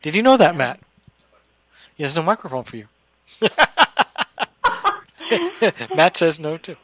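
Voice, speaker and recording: A man's voice: a little high, animated, slow, low-quality recording. A man from New York hosting a casual radio talk show, chatty and jokey, teasing his co-hosts and guests. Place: radio studio.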